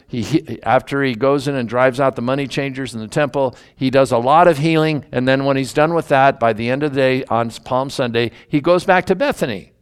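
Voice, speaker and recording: A man's voice: mid-range voice, smooth. A man teaching the Bible verse by verse in a conversational, musing way, openly admitting what he doesn't understand.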